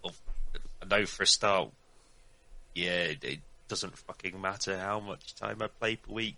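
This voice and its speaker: A man's voice: low voice, a little slow, creaky, pushed and bright, no room sound, rough recording. A man hosting a gaming podcast who reads out listener questions and answers bluntly. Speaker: podcast host. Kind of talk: casual podcast banter.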